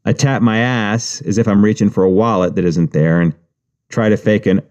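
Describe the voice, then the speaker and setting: A man reading a novel aloud in the first person, his voice low and mellow. He narrates with a wry, profane, anxious inner-monologue edge. The recording sounds slightly dull. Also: normal speed, clean tone. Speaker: audiobook narrator.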